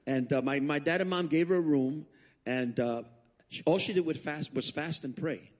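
A man preaching as a guest speaker, telling his testimony as an animated story with frequent restarts. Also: fairly high pitch, normal speed. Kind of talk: sermon testimony.

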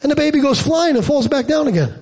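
A man preaching a sermon as pastor, emphatic, swinging from low storytelling asides to loud peaks, with humor and rhetorical questions to the congregation. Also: very animated, fast talker.

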